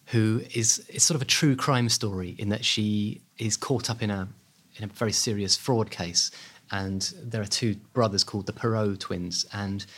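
A man, a guest author telling a history story in lively, animated conversation. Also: fairly low pitch, breathy edge. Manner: lively, animated, hedging with fillers.

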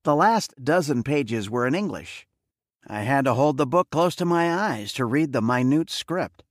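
A man narrating a story in the first person, in a plain and steady manner. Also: mid-range voice, measured pace, no echo, studio quality. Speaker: audiobook narrator.

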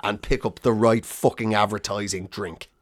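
A man's voice: on the low side, normal speed. A man co-hosting a comedy podcast, telling stories in casual chat with lots of swearing and laughter. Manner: swearing, animated storytelling with voices and laughter. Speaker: podcast co-host.

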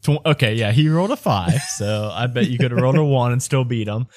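A man's voice: mid-range voice, fairly quick, a little mellow, no echo, studio quality. A man narrating a tabletop game as game master, hesitant and full of fillers.

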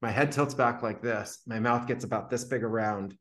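A man's voice: mid-range voice, normal speed, fairly bright tone. A man telling a story, loaded with fillers. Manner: vivid retelling full of "like" fillers. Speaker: podcast guest. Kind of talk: casual storytelling.

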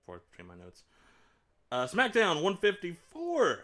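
Animated man chatting on a wrestling podcast. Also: high voice, measured pace. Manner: rambling, lots of "like" and fillers, imitates quotes. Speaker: podcast co-host. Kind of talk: casual chat.

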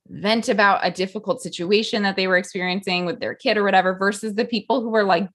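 A woman's voice: mid-range voice, a bit bright. Rambling woman podcast co-host, mother. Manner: rambling, heavy use of "like" fillers. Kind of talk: casual podcast chat.

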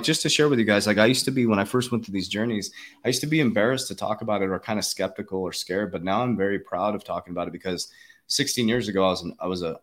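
A man's voice: low-pitched, fairly bright tone. A man hosting a casual chat, talking earnestly and emphatically with many fillers and restarts.

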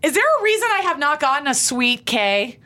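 A woman's voice: high voice, sing-song, a little fast, bright, forceful tone. A married woman in her thirties co-hosting a podcast, teasing and playful, talking casually with many filler words. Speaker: podcast co-host. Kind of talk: casual chat.

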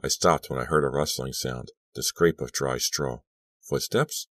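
A man narrating an audiobook in a measured, dramatic first-person reading. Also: very deep voice, steady tone, fairly bright tone, dry recording. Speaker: audiobook reader.

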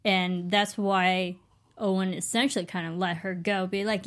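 A woman's voice: mid-range voice, fairly even intonation, normal speed. A woman co-hosting a casual film discussion, reflecting on it and posing questions. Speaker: podcast co-host.

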